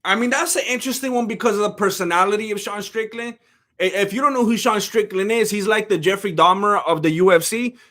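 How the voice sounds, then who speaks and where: A young male host riffs on fight news in a loose, slangy way, often stumbling over his words as he restarts a thought. His voice sits high for a man and has a bright, edgy tone. He sounds a bit hoarse here and there. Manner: animated, slangy, repeats himself. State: throat giving out. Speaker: YouTube MMA commentator. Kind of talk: casual commentary reading chat.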